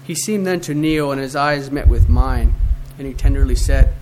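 A man's voice: mid-range voice, normal speed. Earnest man reading scripture over hiss. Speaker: devotional reader. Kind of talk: reading scripture and a devotional poem. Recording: noisy recording with clicks.

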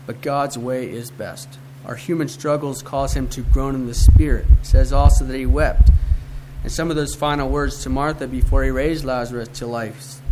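A man's voice: mid-range voice, steady tone, moderate pace. Earnest man reading scripture over hiss. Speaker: devotional reader. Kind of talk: reading scripture and a devotional poem. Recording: noisy recording with clicks.

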